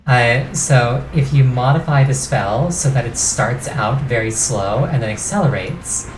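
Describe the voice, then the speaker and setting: A woman's voice: extremely low pitch, unhurried, a little hiss or hum. A tired woman streamer giving gameplay commentary and explaining game mechanics in detail. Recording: roomy echo with game music.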